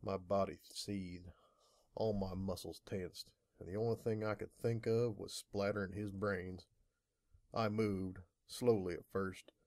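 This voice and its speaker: A man narrating a fan audiobook in a dramatic, measured reading. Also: deep voice, steady tone, darkish tone, no room sound, clean studio sound. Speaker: audiobook reader. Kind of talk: scripted narration.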